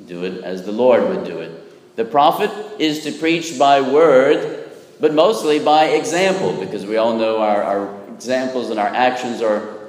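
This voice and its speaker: Folksy priest preaching in an echoing church. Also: male voice, medium pitch, darkish tone. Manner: folksy, humorous, asks "right?" often. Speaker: Catholic priest. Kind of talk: sermon. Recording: echoey church with long reverb.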